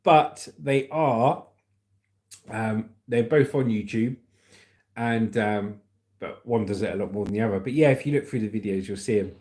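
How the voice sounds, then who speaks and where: A man's voice: lowish voice, moderate pace, darkish tone. A middle-aged man with an English accent, chatting casually as a livestream host and reading out comments with a joking manner. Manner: jokey, chatty, laughs often. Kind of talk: casual chat.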